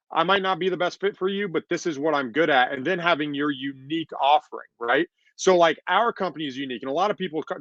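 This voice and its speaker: A man with a fairly high, slightly bright voice co-hosts a podcast, talking casually and driving points home through emphatic repetition while acting out quoted voices. The recording is dull, lo-fi and dry, with no room sound.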